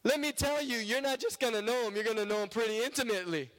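Male preacher, high voice, emphatic sermon delivery, long hall echo. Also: fast. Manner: emphatic, rising and dropping to a hushed low voice.

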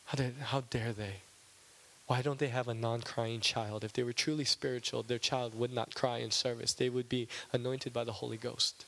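A man doing a hushed judgmental churchgoer. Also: mid-range voice, little pitch movement, normal speed, creaky, a little hiss or hum, voice pushed down, rough recording. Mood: scandalized. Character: judgmental churchgoer, sniffy and self-righteous.

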